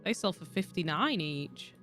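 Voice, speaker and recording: This chatty Yorkshire woman, from England, streams a game while rambling, swearing freely and laughing often, with soft music behind her. Her fairly low voice is expressive and moves at a moderate pace.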